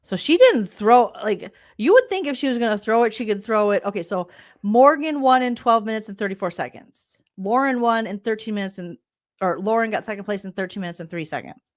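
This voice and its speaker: A woman's voice: medium pitch, expressive, brisk. A woman comedian hosting a reality-TV recap vlog, talking sarcastically and breaking into mocking impressions.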